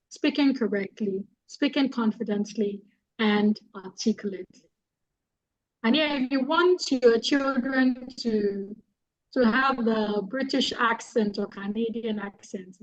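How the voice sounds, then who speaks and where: A woman's voice: on the high side, lo-fi sound. A woman giving a public speaking talk on an online call, speaking earnestly and repeating key phrases for emphasis. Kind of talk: guest talk on a webinar.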